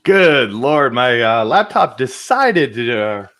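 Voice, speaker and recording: A man's voice: mid-range voice, sing-song, slow pace, a bit bright. A man hosting a live podcast over a video call, laid-back and joking at his own expense. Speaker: podcast host.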